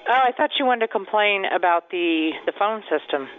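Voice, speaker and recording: A woman's voice: medium pitch, expressive, moderate pace. A woman working a hotel front desk, polite but confused and hesitant. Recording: tinny phone line.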